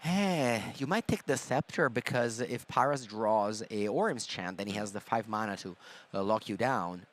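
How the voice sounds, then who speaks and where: A man's voice: fairly low pitch, lively intonation, normal speed. A man giving live color commentary on a card game, explaining plays analytically and thinking aloud with frequent fillers.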